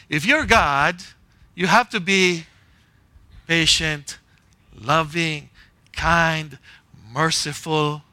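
A man's voice: a little high, bright, forceful tone, dry recording. A man preaching a conversational sermon, telling a personal story in short punchy phrases and often checking in with "right?" and "okay?". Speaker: pastor.

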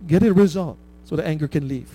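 A male preacher with a high, mellow voice delivers a conversational sermon. He keeps checking in with "right?" and laughs at his own examples. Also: fast, husky.

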